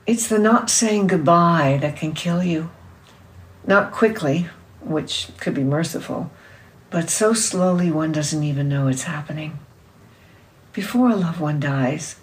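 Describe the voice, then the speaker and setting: A woman reading a novel aloud in a measured, expressive way. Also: low voice, distant mic, rough recording. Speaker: reader.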